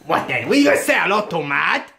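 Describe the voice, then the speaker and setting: A man hosting a playful home cooking video with his children, boisterous and given to shouted catchphrases. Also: high voice, very animated, quick pace, creaky, crowd noise. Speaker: home cooking show host and dad. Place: home kitchen, indoors.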